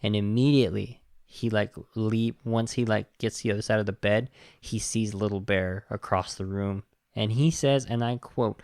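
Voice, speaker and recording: A man hosting a podcast, casually retelling a film plot in an animated, indignant way. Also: lowish voice, normal speed, vocal fry, no room sound, clean studio sound. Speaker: podcast host reviewing a film. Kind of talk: casual film review chat.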